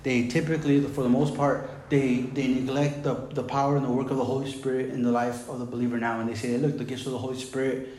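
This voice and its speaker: Casual pastor preaching in an echoey room. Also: male voice, mid-range voice, little pitch movement, fast, few pauses, a little mellow. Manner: casual preaching with "man" and "right?". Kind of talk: sermon.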